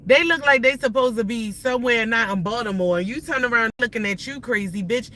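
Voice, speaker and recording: A woman's voice: a little high, a little fast, bright, forceful tone, rough recording. A woman in her thirties livestreaming from inside her car as she drives, ranting in a heated, profane, rambling way. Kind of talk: ranting live stream while driving. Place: inside a car while driving.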